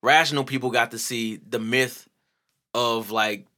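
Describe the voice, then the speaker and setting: Man, sharp bright voice, casual co-host chat, animated, profane, playful quoting. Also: mid-range voice, measured pace. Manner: animated, profane, laughs a lot, acts out quotes.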